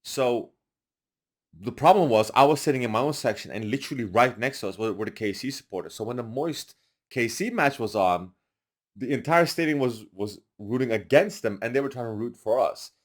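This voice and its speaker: Fairly quick and mid-range in voice, a young man tells casual stories as a podcast guest, animatedly and loudly mimicking what other people said.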